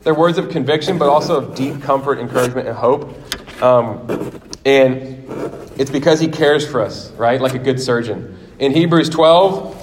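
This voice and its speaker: A man in his forties preaching a sermon in a church, telling stories in a lively way and acting out quotes. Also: mid-range voice, moderate pace, a little hiss or hum. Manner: animated storytelling with acted quotes. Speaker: pastor. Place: church sanctuary. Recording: long hall reverb.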